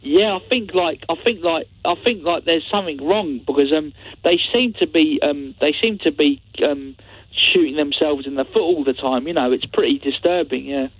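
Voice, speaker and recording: A rambling male caller repeats himself down a thin phone line. His voice is husky and fairly high. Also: normal speed, no echo. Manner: rambling, repetitive. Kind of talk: phone-in call.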